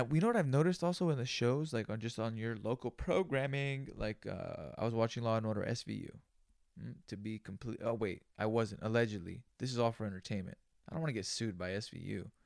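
A man with a gravelly, fry-laden voice rambles through a casual solo podcast rant, high and full of slang and swearing. The sound is close and dry, with no room around it. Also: fairly quick, darkish tone, no echo. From United States. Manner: profane, loose, slangy ranting. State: high on cannabis.

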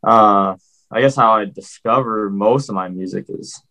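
A man on a podcast, talking in a relaxed way full of filler words in casual chat. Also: fairly low pitch, moderate pace, low-quality recording.

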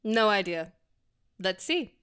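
A dry, wary young office worker in a stage play, read cold by a woman. The voice is bright, smooth and clear, with a plain delivery. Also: mid-range voice, sing-song, slow.

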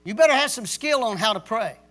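A man's voice: very high voice, lively intonation, fairly quick, pushed and bright, soft background music. A male pastor preaching a sermon in a stern, emphatic way, repeating key words for stress like a drill sergeant. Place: church service.

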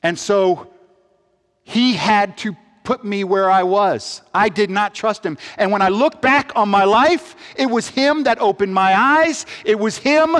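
A man's voice: sits high, unhurried. Earnest man testifying in a reverberant hall. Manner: earnest, swings from upbeat to hushed. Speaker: speaker giving a testimony. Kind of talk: personal testimony talk.

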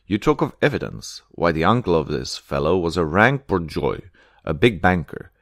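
A man's voice: very deep voice, a little fast, no echo, studio quality. A man reading the part of a blunt, scornful revolutionary prosecutor in a spoken story. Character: commanding male revolutionary prosecutor, harsh.

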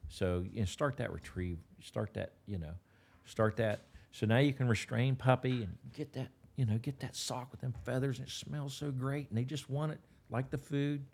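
A man's voice: medium pitch, steady tone, normal speed, vocal fry, darkish tone. A man with an Appalachian accent, a dog trainer talking as an interview guest in a folksy, rambling way with many restarts. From West Virginia. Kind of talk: casual interview talk.

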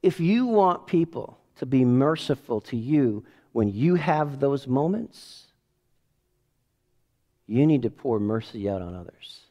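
A middle-aged man preaching as a pastor, emphatic, swinging from quiet asides to loud bursts and leading the congregation in call-and-response. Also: medium pitch, very animated, takes it slowly, lo-fi sound. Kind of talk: sermon.

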